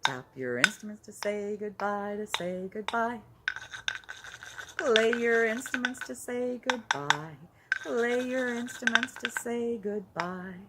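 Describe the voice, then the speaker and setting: A woman telling a children's story in an animated way, gasping and asking the listeners questions, with counting and songs. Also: a little high, slow pace. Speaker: early-years educator. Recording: background hiss.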